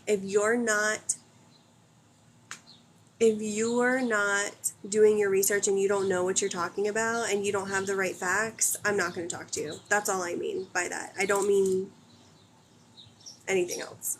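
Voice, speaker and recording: Speaking at a measured pace in a steady, medium-pitched voice, an American woman in her thirties runs a casual livestream. She reads comments aloud and answers with blunt, opinionated remarks and frequent swearing, over slight background noise.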